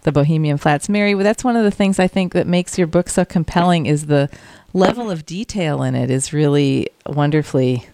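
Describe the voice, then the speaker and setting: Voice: medium pitch, normal speed, few pauses, mellow, smooth, no echo. A radio host interviewing an author, appreciative and searching for words.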